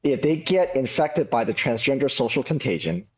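A man's voice: medium pitch, lively intonation, moderate pace. A male interview guest with a mid-range voice who talks in an earnest, explanatory way. He comes through a dull, somewhat muffled remote line. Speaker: guest, advocacy group leader.

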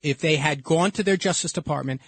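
A man with a fairly high voice hosts a call-in radio show from a studio. He talks emphatically and heatedly, stumbling over repeated words as he pushes his point. The sound is close and dry. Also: brisk, breathy edge, no echo. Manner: heated and emphatic, repeats himself when excited. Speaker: radio talk show host. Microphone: studio microphone.

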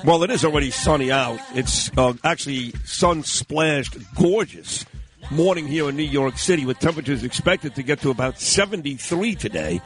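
A man hosts morning radio from a New York studio, jokey and upbeat. His voice sits a touch high, and he laughs easily between bits. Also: lively intonation, normal speed, soft background music. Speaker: radio host.

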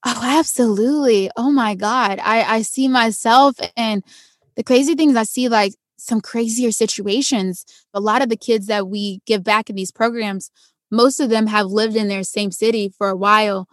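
A young adult woman, an actress and stuntwoman, telling her story in a casual interview and acting out quoted voices with big jumps in pitch. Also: fairly even intonation, moderate pace, dry recording, studio quality.

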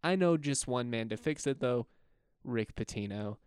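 A man's voice: mid-range voice, expressive, normal speed, darkish tone, clean tone, no room sound, clean studio sound. A young man hosting a casual college basketball podcast, rambling and chuckling as he talks. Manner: rambling, chuckling, self-correcting. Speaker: podcast host. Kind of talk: casual sports podcast talk.

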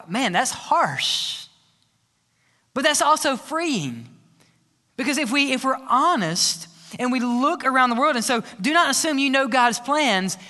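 Male pastor, sermon, earnest and emphatic, bright tone, long church reverb. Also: extremely high pitch. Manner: earnest, emphatic, asks the congregation questions. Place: church sanctuary.

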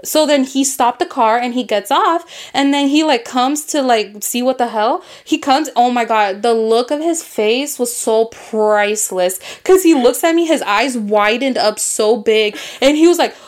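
A woman co-hosting a casual podcast chat, telling stories in an animated way with lots of fillers and casual swearing. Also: a little high, measured pace, few pauses. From grew up in a Latino immigrant family in the US. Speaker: podcast co-host.

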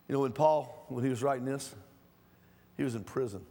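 A middle-aged male pastor preaching a sermon in a church, swinging from calm low teaching to loud pleading. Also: a little fast, long pauses. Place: church sanctuary. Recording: reverberant hall.

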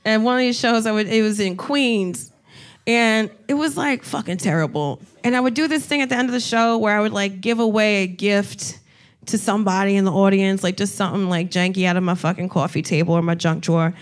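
Brisk and mid-range in pitch, a female comedian and co-host trades stories in casual conversation. She's animated, laughs a lot and doesn't hold back on the swearing.

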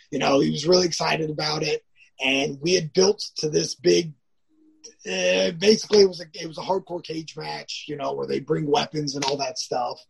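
Gravelly, very husky male storyteller. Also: on the high side, moderate pace. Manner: rambling, many restarts, acts out quotes. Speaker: guest, professional wrestler. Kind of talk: casual storytelling.

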